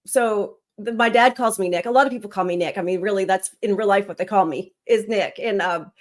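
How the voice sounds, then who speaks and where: A woman's voice: medium pitch, a little fast. A middle-aged woman chatting as a guest on a livestream, rambling casually with laughs and fillers.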